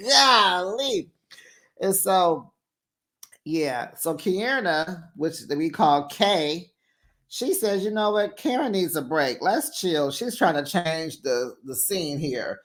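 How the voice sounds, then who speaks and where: Woman, reality show recap host, gossipy chat, unhurried delivery, lots of laughter. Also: sits low, animated. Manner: chatty and gossipy, laughs often, says honey and child.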